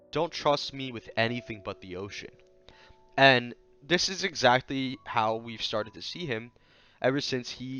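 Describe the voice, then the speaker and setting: A man's voice: mid-range voice, lo-fi sound. A man reviewing a manga chapter in a casual commentary video, thinking aloud with fillers and acting out the characters' lines as he quotes them. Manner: loose, thinking aloud, fillers, quoting characters in lively voices.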